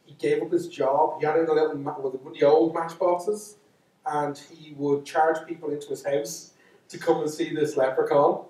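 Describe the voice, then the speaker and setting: A man's voice: a little high, little pitch movement, moderate pace, darkish tone. Man, Dublin Irish accent, storyteller, rambling jokey asides, very echoey hall, distant mic. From Ireland. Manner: chatty, joking and self-mocking, many asides and restarts. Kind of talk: storytelling lecture to a live audience. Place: lecture hall.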